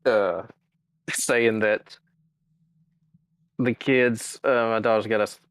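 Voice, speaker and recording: A man's voice: lowish voice, steady tone, slow, smooth, no echo, studio quality. A middle-aged man co-hosting a live-stream podcast, talking bluntly and sarcastically with plenty of profanity. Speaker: podcast co-host. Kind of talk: casual live-stream chat.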